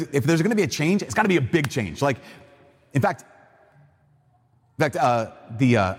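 A man giving a casual, animated sermon, retelling a Bible story and acting out its voices. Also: a little high, slightly rough. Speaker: preacher. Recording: long reverb in a large hall.

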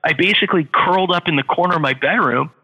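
Middle-aged man, interview guest, animated storyteller, husky and very bright, roomy long-reverb sound. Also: a little high, fast. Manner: animated, repeats phrases for effect. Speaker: guest, author and entrepreneur.

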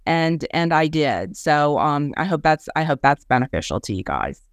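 Lively sixty-year-old woman telling stories. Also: low-pitched, normal speed, few pauses, no echo, studio quality. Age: 60s. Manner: lively, acts out the people she quotes. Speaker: guest speaker and ministry leader. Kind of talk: conversational storytelling.

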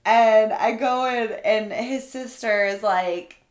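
A woman co-hosting a podcast, telling a story in an animated, chatty way with lots of "like". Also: a little high, slow pace. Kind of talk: casual storytelling chat. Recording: echoey room.

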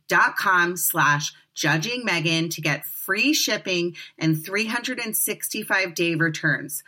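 A woman's voice: fairly low pitch, slow, sharp tone. A woman reading a podcast advertisement in an upbeat, chatty way. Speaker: podcast ad and promo reader. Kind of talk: read advertisement.

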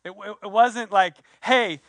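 Man, pastor, sermon, high voice, conversational, animated, dry close sound. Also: measured pace, no room sound. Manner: conversational, animated, playful asides.

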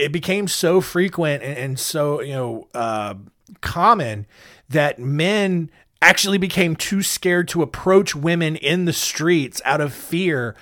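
Joking man telling odd history. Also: on the high side. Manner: joking, rambling asides with many ums. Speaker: podcast host. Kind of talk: comedic history storytelling.

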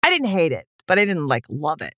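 Bright, lively woman co-host, playful and wry. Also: deep voice, brisk, no room sound, studio quality. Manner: playful, wry, self-mocking. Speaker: podcast co-host. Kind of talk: casual chat.

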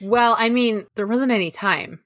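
A woman's voice: a little high, a bit bright, no echo. Canadian woman cohosting a podcast, keeps things moving, dry close sound, no room at all. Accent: Canadian (Greater Toronto Area). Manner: steers the talk, quick asides. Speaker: podcast co-host. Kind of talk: casual chat.

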